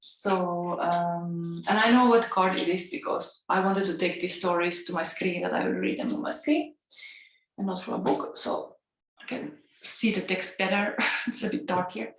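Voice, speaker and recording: A woman's voice: lowish voice, fairly even intonation, unhurried, a little hiss or hum. Chatty Finnish woman with an Italian-tinged accent. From Finland. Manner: musing, chatty, laughs often. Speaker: tarot reader. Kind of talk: casual tarot reading and storytelling. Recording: echoey room.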